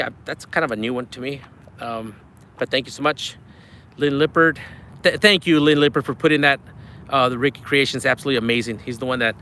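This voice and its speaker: A man streams fishing live from the riverbank and works through super chats, sounding chatty, thankful, and a bit breathless. His medium-pitched voice comes across bright and forceful, over slight background noise.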